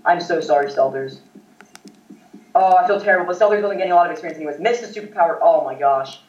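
A man doing casual let's-play commentary as a gaming video host, rambling and breaking into loud excited outbursts. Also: fairly high pitch, quick pace. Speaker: gaming YouTuber. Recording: echoey, distant, dull mic.

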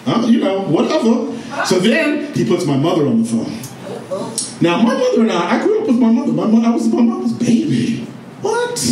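A man doing a stand-up comedy set, sassy, brash and profane, with loud outbursts. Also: sits high. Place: comedy stage before a live audience. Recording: echoey live room from far off, audience.

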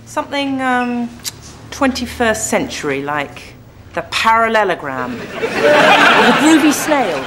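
Flustered brewery rep. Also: female voice, a little high, very animated, slow, over a noisy crowd, very noisy. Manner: apologetic, flustered, hesitant. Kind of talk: sitcom acting.

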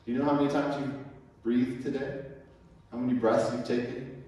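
A man preaching a sermon as pastor, emphatic, swinging between loud and soft. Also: mid-range voice, a little fast. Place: church sanctuary. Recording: echoey hall, mic far off.

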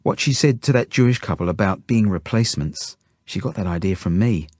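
A man's voice: fairly low pitch, expressive, fairly quick, a little mellow, no room sound, clean studio sound. A man reading an audiobook voices an anxious, kind-hearted boy who speaks urgently when pleading and weakly when hurt.

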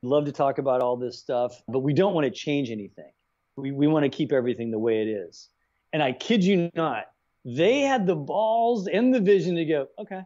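A middle-aged writer-director, guesting on an interview, tells stories in a slightly high voice at a moderate pace. He's animated and acts out the dialogue he quotes, and the recording has a dull lo-fi sound.

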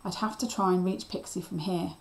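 A woman teacher reading a children's novel aloud in a steady, expressive storytelling voice. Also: fairly low pitch, a little fast, creaky, poor audio.

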